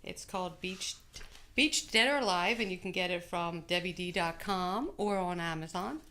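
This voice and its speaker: Woman, talk show guest, gravelly fry in the voice, halting, fillers, casual chat. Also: lowish voice, sharp tone. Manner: halting, searching for words with fillers. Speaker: guest, singer and actress.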